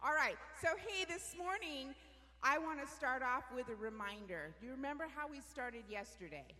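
A woman with a fairly high, bright and forceful voice leads a live business workshop with lots of energy. She keeps turning to the audience with questions. Her voice carries a long reverb from the large meeting room. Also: animated, moderate pace. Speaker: workshop presenter.

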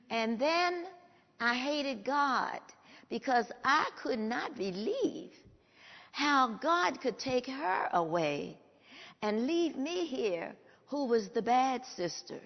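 An older woman with a gravelly voice, telling a personal story to an audience slowly and emphatically. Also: a little high. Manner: slow, emphatic, emotional storytelling. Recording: dull lo-fi sound with long hall reverb.

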